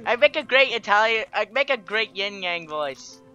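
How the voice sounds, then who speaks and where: A woman casually commentating a video game with a friend, excitable and giggly, slipping into playful silly voices. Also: medium pitch, normal speed, muffled recording. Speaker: let's play gamer. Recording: faint game music behind.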